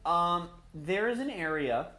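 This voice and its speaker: Animated man streaming a game. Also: high voice, a little slow, echoey room. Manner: rambling, joking, mild swearing. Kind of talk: casual live gameplay commentary. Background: game music.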